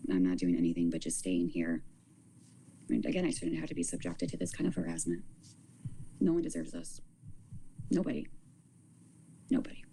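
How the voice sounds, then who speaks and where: Low gravelly woman rambling on a livestream. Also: warm tone, a little hiss or hum, rough recording. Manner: rambling, halting, repeats words. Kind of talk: casual livestream talk.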